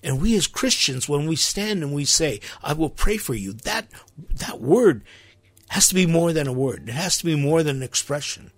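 A man delivering an impassioned sermon with a gravelly, somewhat husky voice. He presses his points with sharp emphasis. The sound is close and dry. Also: on the high side, expressive, moderate pace, no echo. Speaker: preacher.

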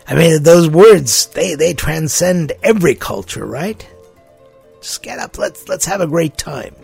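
Man, preacher, gravelly husky voice, slow and emphatic, dry sound with faint music under it. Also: a little high, sing-song, no room sound. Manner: emphatic, repeats key phrases, slow deliberate delivery. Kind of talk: sermon.

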